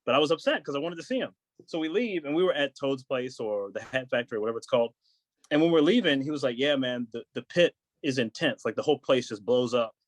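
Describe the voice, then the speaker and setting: A man, a podcast guest, telling a long story in casual chat, acting out what others said with lively voices. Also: medium pitch, quick pace, no room sound. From United States. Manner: animated storyteller acting out quotes.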